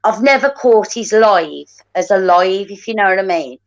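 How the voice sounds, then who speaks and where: A woman's voice: medium pitch, expressive, moderate pace, muffled recording. A woman, ranting angrily and swearing on a live stream with other callers. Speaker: host. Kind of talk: heated live-stream chat. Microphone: video call.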